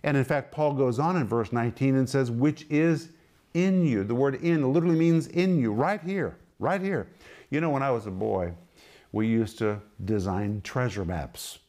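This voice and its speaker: A man's voice: medium pitch, moderate pace, warm tone. A middle-aged man teaching the Bible on a ministry program, emphatic, repeating questions and explaining Greek words.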